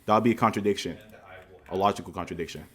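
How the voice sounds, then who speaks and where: A man's voice: low voice, racing, slightly rough. A man in a debate laying out dense, jargon-heavy arguments in a lecturing way. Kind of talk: heated online debate.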